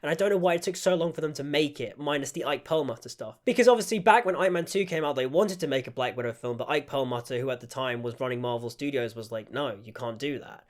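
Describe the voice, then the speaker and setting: A man's voice: mid-range voice, fast, few pauses. A young man giving a casual, critical film review, peppering his talk with "like". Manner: critical, frequent "like" fillers. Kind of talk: casual opinion vlog.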